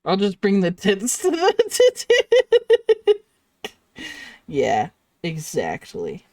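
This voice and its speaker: A woman's voice: on the low side, huge pitch swings, drawn-out words, a little mellow. Woman streamer drawing and chatting, giggles a lot, dry close sound, no room echo. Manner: giggly, apologetic, chatting with viewers while drawing. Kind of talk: casual livestream chat.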